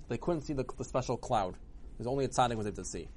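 A man retelling a religious story for children in an animated way, acting out the characters. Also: medium pitch, fast, slight background noise.

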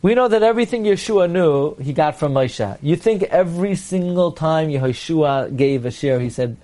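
Animated high-voiced man teaching Talmud. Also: moderate pace, hardly any pauses. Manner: reads Aramaic then explains in English, animated. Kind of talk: Talmud class, reading and translating.

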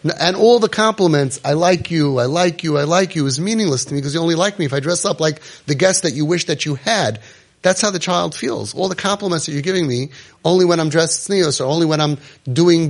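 Emotional man speaking to parents. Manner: emotional, acts out parent and child voices, drops to soft low tones. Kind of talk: impassioned talk to parents.

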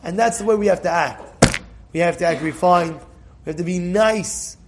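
High-voiced man teaching a Torah class. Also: normal speed, very noisy. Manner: emphatic, repeats himself, bursts into loud cries for emphasis.

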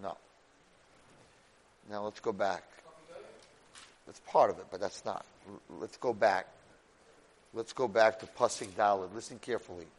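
A man's voice: lowish voice, measured pace, long pauses, slight background noise. A man teaching a Torah class, speaking expressively and directly to his students, mixing in Hebrew terms. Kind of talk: animated Torah lecture.

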